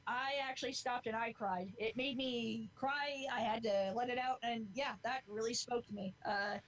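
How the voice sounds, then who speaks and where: Swearing, earnest young woman, higher voice. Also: steady tone, moderate pace, low-quality recording. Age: 20s. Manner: earnest, rambling, swears freely. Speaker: podcast co-host. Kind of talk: casual chat.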